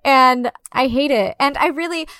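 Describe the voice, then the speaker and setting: A woman in casual conversation about a film, animated and profane, acting out characters' lines as she retells scenes. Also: high voice, normal speed, no room sound, studio quality. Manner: animated, acts out quotes, profane.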